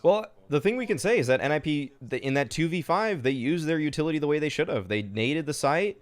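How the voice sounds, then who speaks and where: A young man streaming, reacting to an old esports match in casual, excitable commentary, often exasperated and swearing. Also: a little high, a little fast. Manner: excitable, exasperated, swears, many fillers like "dude".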